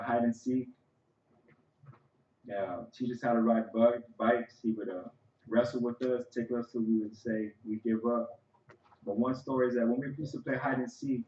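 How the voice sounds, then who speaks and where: A man eulogizes his father at a funeral in a church sanctuary, speaking conversationally and sharing stories, often saying "you know." His voice is mid-range and darkish, and the recording sounds roomy and muffled.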